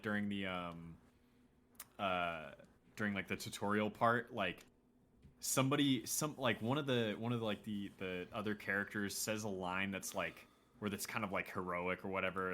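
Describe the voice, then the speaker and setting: A man co-hosting a casual podcast, talking haltingly and searching for his words. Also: fairly low pitch, fairly bright tone. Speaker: podcast co-host. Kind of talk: casual chat.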